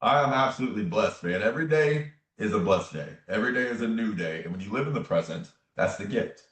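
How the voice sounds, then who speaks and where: Interview guest: very low-voiced man, earnest storyteller, recorded in an echoey room away from the mic. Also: expressive, fast talker, a bit bright. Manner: earnest, repetitive, emphatic phrasing. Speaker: guest, tarot reader and spiritual medium. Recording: roomy echo, distant from the mic.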